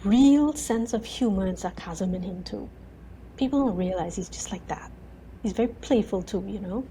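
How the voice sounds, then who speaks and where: A woman in her thirties, a guest in an interview, telling her story in an animated way, full of repeated "and"s and acting out her own words. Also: medium pitch, normal speed, slight background noise, rough recording. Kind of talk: conversational interview.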